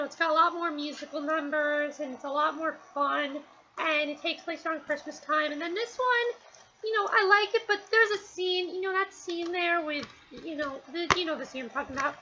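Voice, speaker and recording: A woman's voice: very high-pitched, highs cut off, noisy background. A woman from New Jersey chatting casually in a review, rambling and hesitant with lots of fillers.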